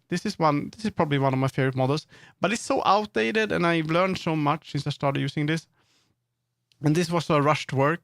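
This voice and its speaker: A man's voice: on the high side, fairly bright tone, no echo, clean studio sound. A man chatting casually on a live stream, thinking aloud and correcting himself as he works. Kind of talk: casual live-stream chat while working.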